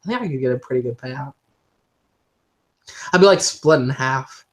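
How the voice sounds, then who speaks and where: A man's voice: medium pitch, moderate pace. A young man chatting casually on a livestream, telling rambling, self-mocking stories about work. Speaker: livestream co-host. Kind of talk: casual chat.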